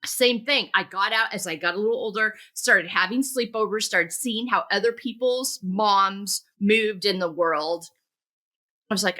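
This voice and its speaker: A woman hosting a podcast, talking conversationally and stressing key words with animated rises. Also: mid-range voice, normal speed. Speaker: podcast host.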